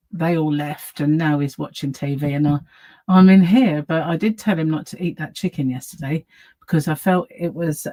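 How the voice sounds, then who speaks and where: A woman's voice: low-pitched, darkish tone, poor audio. A woman chatting casually on her live stream from home, greeting viewers by name and rambling about her day.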